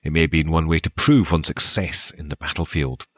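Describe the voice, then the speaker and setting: A man with a soft Scottish accent hosting a show, reading archaeology news and dedications with wry, dry joking asides. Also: a bass voice, brisk, no echo. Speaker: podcast host.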